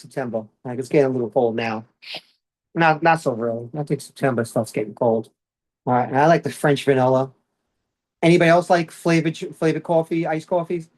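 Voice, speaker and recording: A man with a Brooklyn accent doing a stand-up comedy routine, animated and chatty, peppering his talk with "all right" as he addresses the audience. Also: on the high side. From Brooklyn, New York.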